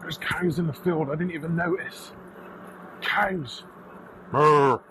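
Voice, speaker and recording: A British man with a light, high-pitched voice tells a story casually while riding along a bike path outdoors. He is animated, swears freely and acts out the other people in his story. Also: measured pace, a little hiss or hum, low-quality recording. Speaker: electric bike vlogger.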